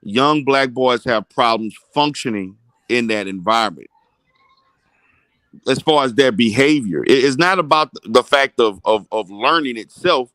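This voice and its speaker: A man's voice: mid-range voice, animated, a little slow, a bit bright, no room sound. A man on a podcast panel, earnestly building his argument and repeating words as he goes. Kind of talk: heated panel discussion.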